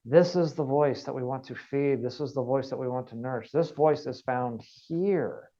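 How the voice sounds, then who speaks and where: A man's voice: medium pitch, normal speed, mellow, dull audio. A man working as a wellness coach, giving an earnest motivational training talk and repeating phrases for emphasis.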